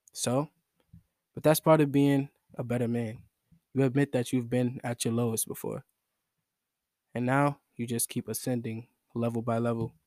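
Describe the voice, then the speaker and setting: A man's voice: mid-range voice, darkish tone, no echo. Young guy rambling alone on his podcast, slangy and joking at himself, dry close sound. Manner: rambling, slangy, self-mocking. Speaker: solo podcast host. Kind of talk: casual joking monologue.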